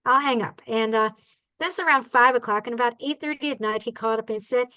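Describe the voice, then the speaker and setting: A woman who rehabilitates birds, telling animated stories in a chatty talk to a club. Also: on the high side, fast, smooth, rough recording. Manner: animated, acts out the people and birds in her stories; chatty, asks the audience "all right?". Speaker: bird rehabilitator giving a talk.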